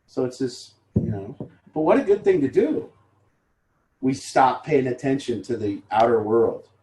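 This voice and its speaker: A man's voice: mid-range voice, big pitch swings, measured pace, mellow. A man leading a support group, talking candidly and rambling, with casual swearing. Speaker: recovery group leader. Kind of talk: informal talk to a support group. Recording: roomy echo.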